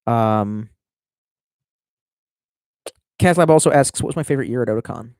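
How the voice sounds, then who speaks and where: A man's voice: mid-range voice, quick pace, a little mellow. A man in his thirties chatting casually on a live stream, reading viewer comments and rambling with lots of swearing and self-mockery. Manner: profane, rambling, self-mocking.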